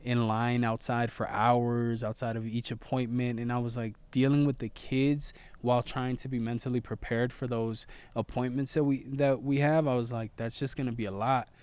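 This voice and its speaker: A man in his thirties, a father and vlogger, calmly explaining how he and his wife made a family decision, in an earnest, laid-back way. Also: medium pitch, normal speed, hardly any pauses, smooth, no room sound. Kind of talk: casual storytelling.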